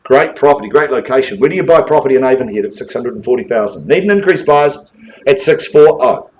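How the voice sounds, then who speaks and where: A man's voice: mid-range voice, lively intonation, fast, darkish tone, dull audio. A man with a New Zealand accent calling a live property auction, coaxing bidders with jokes between bid calls.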